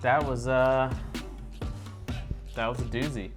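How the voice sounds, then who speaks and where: A man's voice: mid-range voice, fairly even intonation, takes it slowly. A man from India co-hosting a reaction video, chatting casually and hesitantly with fillers. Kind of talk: casual chat. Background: guitar music.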